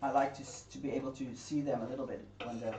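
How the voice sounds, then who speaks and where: A woman's voice: extremely low pitch, fairly even intonation, quick pace, very noisy. A woman co-hosting a livestream, chatting casually and reading chat aloud while she cooks in a home kitchen. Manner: chatty, reads chat aloud, laughs easily. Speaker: livestream co-host. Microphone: distant room mic. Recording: echoey kitchen from far off, clattering pans.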